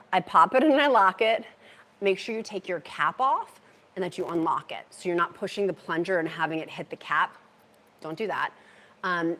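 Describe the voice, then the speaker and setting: A chatty, bubbly woman hosts a casual livestream from her home kitchen. Her voice sits a bit low for a woman. She talks into a handheld phone as she reads out viewer comments. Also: a bit bright. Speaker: livestream host. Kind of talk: casual livestream chat while meal prepping.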